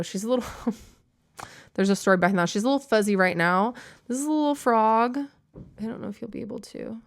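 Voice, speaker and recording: A young woman hosting a podcast, chatting casually and gushing over little keepsakes, with lots of "like" in her talk. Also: mid-range voice. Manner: bubbly, gushing, heavy use of "like". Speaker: podcast host. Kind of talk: casual chat.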